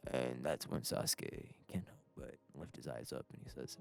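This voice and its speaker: A man's voice: rumbling low, animated, normal speed, creaky, a little mellow, dry recording, soft background music. A man casually narrating a comedic story as a YouTuber, rambling with laughs and crude slang.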